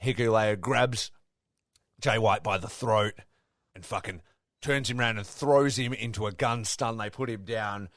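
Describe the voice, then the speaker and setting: A man with a fairly low voice co-hosts a casual wrestling podcast. He tells stories with rising excitement, swearing freely and acting out quotes. The sound is dry and close. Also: unhurried, no room sound. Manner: excitable storytelling, swears a lot, acts out quotes. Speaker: podcast co-host.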